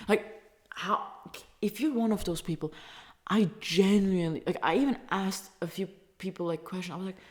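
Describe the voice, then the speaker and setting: In a brisk, mid-range voice, a Turkish woman vlogger whose first language is Turkish launches into an angry, casual English rant full of profanity, heat and stumbling restarts.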